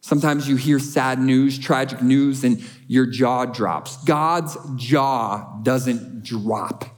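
A man's voice: medium pitch, slow. A male pastor preaching a sermon in an earnest, emphatic way, building on repeated short phrases.

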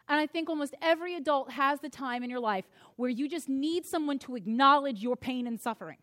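Female preacher with a high voice, lively and emphatic from the pulpit. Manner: animated, emphatic, slows down to stress key phrases. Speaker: pastor. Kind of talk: sermon.

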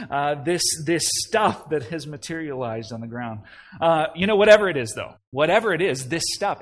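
A young adult man preaching a sermon, animated, with frequent restarts and conversational asides. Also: mid-range voice. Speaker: pastor.

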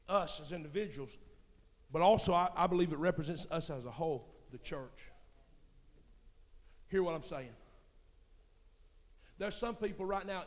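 A middle-aged pastor preaches with a high-pitched voice that rings through a long, echoing church hall. He drops to near whispers, then builds to loud, impassioned shouts. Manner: impassioned preaching, swinging from low murmurs to shouts. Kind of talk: sermon. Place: church sanctuary.

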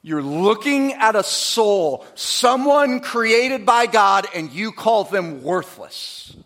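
Slow and sing-song, this pastor's rather high male voice swings between quiet, conversational asides and loud, emphatic preaching. He dramatically acts out the voices he quotes in his sermon.

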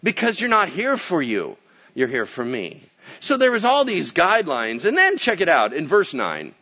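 A man's voice: on the high side, moderate pace, slightly rough, lo-fi sound. A man preaching a sermon as pastor, acting out little voices and asides as he goes. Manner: animated, acts out voices and asides.

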